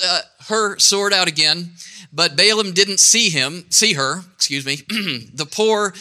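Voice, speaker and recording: A man narrating a Bible story live and directing volunteers as he goes. His delivery is playful and full of ad-libs, with a bright tone. His pitch swings widely throughout. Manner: playful, ad-libbing, self-correcting.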